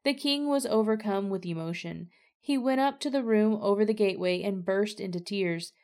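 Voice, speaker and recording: A woman reading scripture aloud for a devotional podcast in a clear, steady way. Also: medium pitch, normal speed. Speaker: scripture reader.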